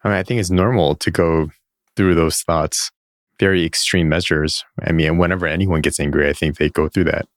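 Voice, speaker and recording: A man co-hosting a podcast, calm and supportive, closing out the episode in casual chat. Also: a bass voice, a little fast, no room sound, clean studio sound. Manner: calm, supportive, wraps up the show. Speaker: podcast co-host.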